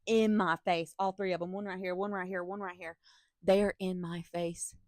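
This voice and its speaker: Profane, animated woman telling a story. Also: fairly low pitch, normal speed, no room sound, clean studio sound. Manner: animated, profane, laughing asides to the audience. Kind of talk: casual storytime vlog.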